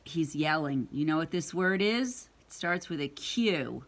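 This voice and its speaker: A woman's voice: sits low, lively intonation, a little slow, few pauses. A woman reading a picture book aloud to a child, playful and stopping to ask the listener questions. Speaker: storyteller.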